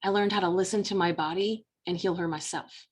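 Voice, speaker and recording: A woman's voice: lowish voice, steady tone, a little fast, husky. Middle-aged woman, life coach, earnest motivational talk straight to the viewer. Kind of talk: personal story told to camera.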